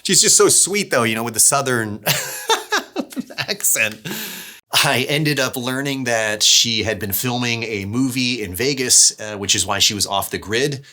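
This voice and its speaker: A man who creates audio dramas, chatting casually behind the scenes and telling stories in a lively way that sometimes restarts its phrases. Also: fairly low pitch. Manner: chatty, storytelling, restarts phrases when excited.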